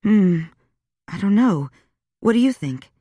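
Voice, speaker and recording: A man's voice: sits high, expressive, takes it slowly, warm tone, husky, dry recording, clean studio sound, pitched above the performer's own voice, exaggerated voice. A man voicing a frank, curious young woman in a raised, lighter tone for an audiobook. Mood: uncertain.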